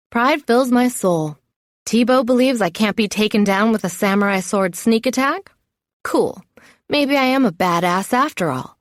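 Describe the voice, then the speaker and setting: A woman's voice: fairly high pitch, expressive, moderate pace, no echo, studio quality. A woman narrating a first-person novel in a wry, self-mocking inner voice. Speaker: audiobook narrator.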